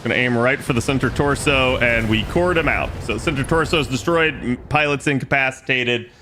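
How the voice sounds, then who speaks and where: Bright-voiced man narrating his gameplay. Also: mid-range voice, a little fast, slight background noise. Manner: relaxed, explains his moves aloud, swears casually. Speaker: streamer playing a strategy game. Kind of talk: casual gameplay commentary.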